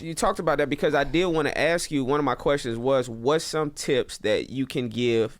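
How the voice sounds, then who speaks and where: A man's voice: mid-range voice, normal speed, no room sound. A man hosting a podcast, reassuring his guest and asking a careful question. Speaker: podcast host.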